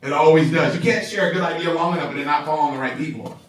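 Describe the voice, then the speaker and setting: Excitable male sales trainer, echoey room. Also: fairly high pitch, fast talker, recorded from a distance. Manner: energetic and excitable, laughs often, peppers talk with "right?". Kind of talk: motivational training talk. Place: large room with a live audience.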